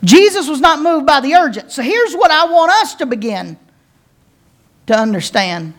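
A woman pastor delivers a sermon in a high, bright voice. She preaches with drawn-out dramatic pauses and leans into folksy, playful slang. She keeps calling out to her congregation for a response. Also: sing-song. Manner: dramatic preaching with slow emphatic pauses, addressing the congregation directly.

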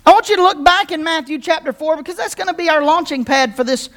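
A woman's voice: high voice, fast, fairly bright tone. A woman pastor giving a sermon, joking and telling stories with playful humor.

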